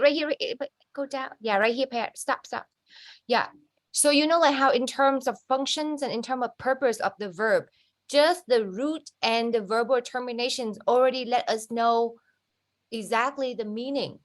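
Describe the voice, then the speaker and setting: A woman's voice: on the high side, normal speed. Probing female student. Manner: probing, argues her point at length. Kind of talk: questioning in a class discussion.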